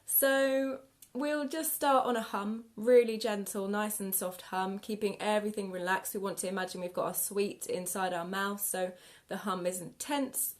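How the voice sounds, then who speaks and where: A woman singing teacher guiding a live vocal warm-up lesson with gentle, encouraging instructions. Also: mid-range voice, steady tone, normal speed. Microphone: live video stream.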